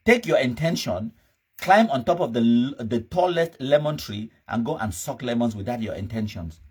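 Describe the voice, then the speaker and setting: A man's voice: mid-range voice, lively intonation, normal speed, a little mellow, slightly rough. A man speaking Cameroonian Pidgin English, hosting a live commentary show in an emphatic, scornful, ranting manner. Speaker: host.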